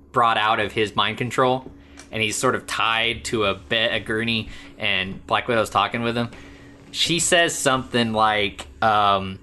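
Bright-toned man chatting about movies. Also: fairly low pitch, a little hiss or hum. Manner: animated, rambling, quick to laugh. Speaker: podcast co-host. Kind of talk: casual movie discussion.

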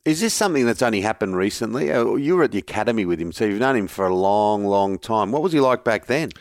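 A man's voice: fairly low pitch, expressive, fast, no echo, clean studio sound. A middle-aged Australian man hosting a sports radio show in an upbeat, chummy announcer style. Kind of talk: casual sports radio chat.

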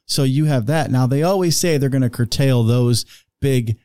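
A man co-hosting a casual podcast chat, chiming in with quick jokes and opinions. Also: mid-range voice, mellow, clean tone, no room sound, clean studio sound. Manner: joking interjections, quick quips. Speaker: podcast co-host.

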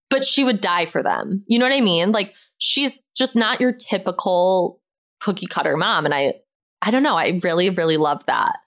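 A woman's voice: medium pitch, fairly bright tone. A young woman hosting a pop culture podcast, chatting casually in a rambling way with lots of "like". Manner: rambling, chatty, heavy use of "like". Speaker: podcast host. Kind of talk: casual chat.

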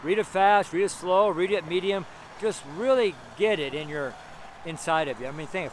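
A man's voice: high voice, normal speed. A man preaching a street sermon outdoors by a busy intersection, talking in an earnest, rambling way with many fillers and restarts. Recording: noisy street recording with traffic. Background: loud traffic noise.

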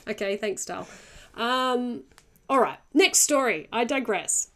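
A woman's voice: fairly high pitch, expressive, takes it slowly, sharp tone. Giggly woman rambling on a podcast, reads stories out, goes off track. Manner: giggly, chatty, digresses. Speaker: podcast co-host. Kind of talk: casual chat, reading stories aloud.

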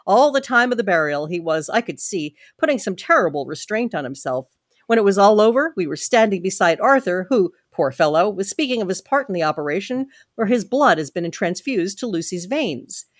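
Woman reading aloud, wry jokes, lively rising and falling voice, dry close sound. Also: mid-range voice, a little fast, dry recording. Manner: wry, joking asides between passages. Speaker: podcast co-host reading a novel aloud. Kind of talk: reading aloud with casual asides.

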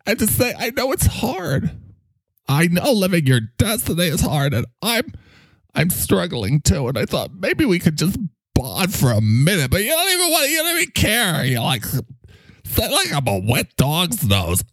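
A man's voice: high voice, huge pitch swings, moderate pace, dry recording, pitched above the performer's own voice, full character voice. A man voicing a talking microphone, a dramatic and self-pitying co-host who lectures him. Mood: melodramatic.

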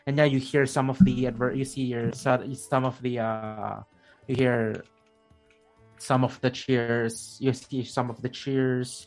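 A man running a tabletop game as game master, narrating in a halting way with many restarts and fillers. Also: mid-range voice.

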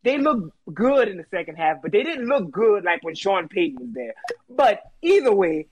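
Caller, man, high voice, chatty and quick to laugh. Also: sing-song, husky, no echo. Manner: chatty, laughs between lines. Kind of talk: casual sports chat.

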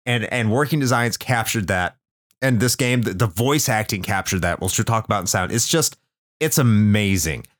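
A man's voice: fairly low pitch, animated, normal speed, no echo, studio quality. A man hosting a podcast, chatting casually and enthusiastically about a game, often repeating words as he gets going. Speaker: podcast host. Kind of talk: casual chat.

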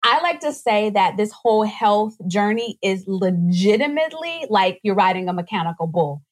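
A woman guest on a podcast, explaining nutrition in a casual, animated way and acting out little voices as she goes. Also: mid-range voice. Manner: animated, acts out voices in quick asides.

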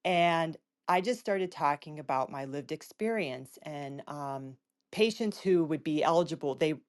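A woman with a low voice tells a personal story as a patient advocate on a panel. She talks in an animated way and acts out the people in the story with sudden leaps in pitch. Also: unhurried.

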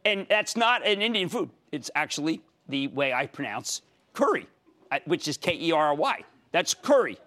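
A man with a Pennsylvania accent hosting a stock market show, emphatic and excitable, breaking into shouts of enthusiasm. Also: fairly high pitch. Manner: emphatic, shouts bursts of enthusiasm, fast and animated. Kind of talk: excitable financial commentary.

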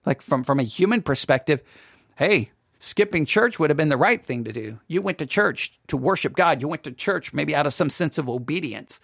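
Earnest preaching man, high voice, dry close recording, restarts phrases often. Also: animated, moderate pace, vocal fry, a bit bright, husky, dry recording. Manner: earnest, repeats and restarts phrases, rises when quoting cries. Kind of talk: impassioned sermon-style commentary.

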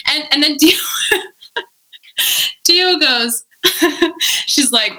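A woman telling a story in a casual chat, animated and laughing often, with lots of "like". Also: high voice, slow pace, long pauses, low-quality recording. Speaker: podcast guest.

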